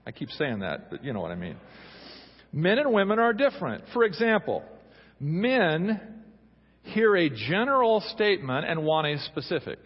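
Husky-voiced middle-aged male preacher. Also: fairly high pitch, sing-song, normal speed. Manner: conversational, humorous preaching with acted-out quotes. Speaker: pastor. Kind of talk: sermon. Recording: dull recording with long hall reverb.

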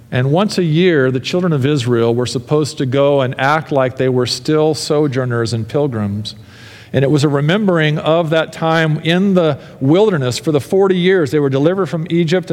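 Earnest male pastor preaching in a reverberant hall. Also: on the high side. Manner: earnest, rising to fervent emphasis and dropping to soft pleas. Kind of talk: sermon.

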